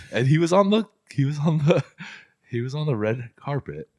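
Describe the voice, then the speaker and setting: A young man co-hosting a podcast, telling a story in an animated way with frequent laughs. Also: on the high side, moderate pace, no room sound, clean studio sound. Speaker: podcast co-host. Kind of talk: casual chat.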